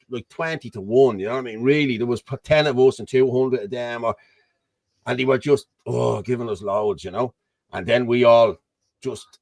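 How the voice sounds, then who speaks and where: A man's voice: medium pitch, darkish tone, no room sound. A man with an Irish accent hosting a casual chat over a video call, rambling and often asking "you know what I mean". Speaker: host.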